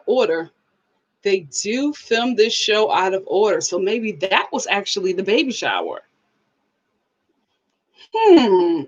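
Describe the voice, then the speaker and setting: A woman's voice: mid-range voice, dull audio. A woman hosting a live review stream, chatting casually with viewers and reading their comments aloud in a playful way with frequent laughs. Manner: animated and playful, laughs often.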